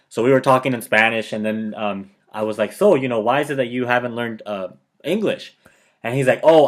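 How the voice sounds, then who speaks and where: A man speaks straight to his viewers in a relaxed, conversational motivational talk. His voice sits at an ordinary middle pitch, and he tells short personal stories, keeps checking in with a quick "okay?", and quotes what people said to him. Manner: chatty storyteller who quotes himself and others. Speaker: motivational video host.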